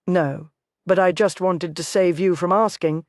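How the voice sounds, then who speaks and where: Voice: mid-range voice, steady tone, measured pace, dry recording, studio quality, close to an everyday voice. A narrator voicing a curt, dismissive small-town banker, in an audiobook.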